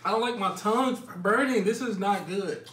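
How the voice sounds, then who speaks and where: A man's voice: high-pitched, normal speed, a bit bright, roomy sound, recorded from a distance, slight background noise. A man eating spicy noodles on camera, sweating and teary, complaining and coughing in casual chat. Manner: complaining, groaning, coughing through the heat. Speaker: YouTube vlogger. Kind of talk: casual challenge vlog chat.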